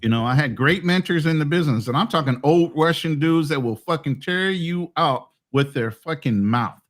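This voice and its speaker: A man's voice: fairly high pitch, lively intonation, normal speed. A middle-aged man talking bluntly and profanely in a casual podcast chat, as a co-host. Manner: blunt, profane, boastful storytelling.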